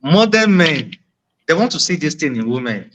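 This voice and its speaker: A man's voice: a little high, big pitch swings, normal speed, fairly bright tone, low-quality recording. A man on a discussion panel, making his point earnestly and often repeating phrases. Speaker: panel guest.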